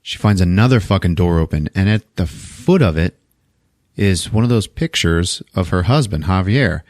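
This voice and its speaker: A man retelling a film plot on a podcast, swearing freely and keeping the story rolling. His lowish voice swings widely in pitch. The sound is close and dry. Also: normal speed, no echo. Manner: profane, animated storytelling with laughs. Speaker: podcast host. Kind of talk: casual movie recap.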